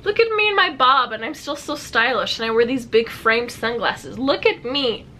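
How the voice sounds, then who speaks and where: A woman's voice: a little high, expressive, normal speed, pushed and bright, slight background noise. A woman voicing a stylish, classy older woman who proudly shows herself off. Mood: showing off. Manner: proud, showy.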